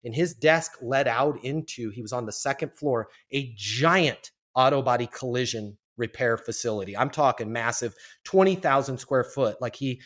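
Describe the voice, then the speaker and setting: A man telling a story as a podcast guest, in a lively, animated way and acting out what people said. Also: medium pitch, moderate pace, few pauses. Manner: animated, lively storyteller who acts out quotes. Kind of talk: storytelling in a casual interview.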